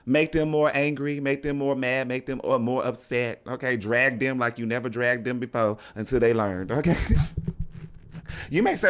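A man hosting a casual spiritual podcast monologue in an animated way, laughing often, swearing freely and checking in with "okay?" after nearly every point. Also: mid-range voice, a little fast, clear, resonant tone. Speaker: podcast host.

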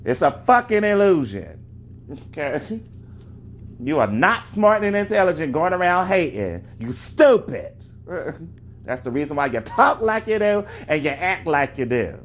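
A man's voice: fairly high pitch, sing-song, a little slow, fairly bright tone. A man delivering a sassy, emphatic ranting monologue. He keeps repeating his points and laughs between them.

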